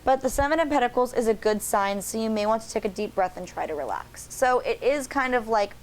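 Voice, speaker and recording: A woman co-hosting a casual tarot chat, rambling through card meanings with lots of fillers and pauses. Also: a little high, lively intonation, low-quality recording. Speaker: co-host learning tarot.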